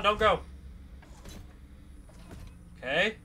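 A man's voice: high-pitched, measured pace, sharp tone. A young man giving jumpy, exclamatory commentary over a horror game, often talking straight to the monsters. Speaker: gaming YouTuber. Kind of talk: live gameplay commentary.

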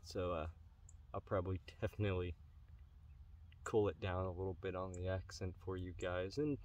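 A man hosting his own pipe-smoking channel, talking earnestly and haltingly to his viewers in a casual vlog. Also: sits low, a little mellow. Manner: earnest, halting, many pauses. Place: outdoors on a rural property. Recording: distant mic, faint outdoor noise.

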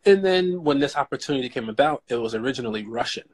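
A man being interviewed as an actor guest, telling stories in a relaxed way with lots of "you know". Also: mid-range voice, fast. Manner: relaxed storytelling, says "you know" a lot. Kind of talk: casual interview chat.

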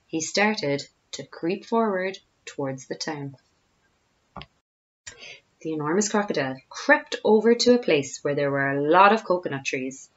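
A woman reads a children's story aloud in a lively, rising and falling voice, pitched on the lower side. The recording is dull and lo-fi. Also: measured pace. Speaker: teacher reading to pupils.

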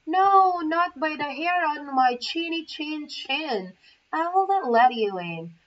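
Frightened little pigs squeak their refusal , as a woman puts them on in a storybook reading. The voice is high, muffled and heard from a little distance. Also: lively intonation, takes it slowly. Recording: muffled, from far off the mic.

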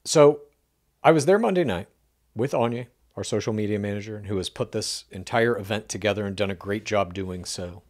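A man co-hosting a casual podcast, telling an anecdote with animated delivery and acting out the dialogue he quotes. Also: lowish voice, brisk. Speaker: podcast co-host. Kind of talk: casual podcast chat, storytelling.

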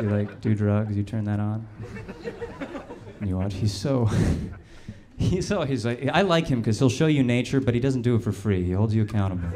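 A young adult man performing a stand-up comedy set, telling stories in a deadpan, low-key way. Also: moderate pace, heavy background noise. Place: small live comedy venue with audience.

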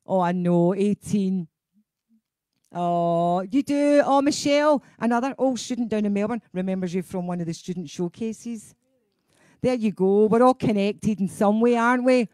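A woman's voice: mid-range voice, moderate pace, dark tone, no echo, studio quality. A middle-aged woman with a Scottish accent, a singing teacher hosting a casual live stream, chatty and laughing, going off on tangents.

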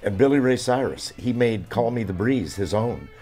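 Deep-voiced man in his seventies. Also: expressive, darkish tone, soft background music. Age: 70s. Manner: rambling, halting with fillers and restarts. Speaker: drummer. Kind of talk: interview.

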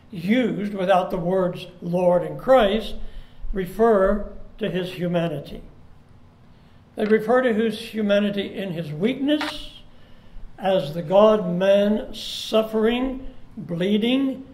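A man preaching a sermon as pastor, earnest, slowing down to stress key words. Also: high-pitched, a little mellow. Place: church sanctuary. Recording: echoey church room.

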